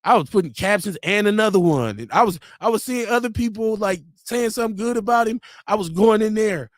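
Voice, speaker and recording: Host, man; casual stream chat, high-pitched and very lively, dry close mic. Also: fairly quick, no room sound. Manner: loose, animated, laughs often, acts out quotes. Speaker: host of a live talk stream. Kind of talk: casual chat, reading viewer comments aloud.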